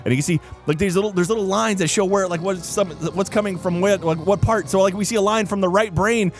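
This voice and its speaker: A man hosting a podcast, excitedly narrating a ride in a casual, play-by-play way. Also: high voice, fast, faint music behind. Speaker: podcast host. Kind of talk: casual chat.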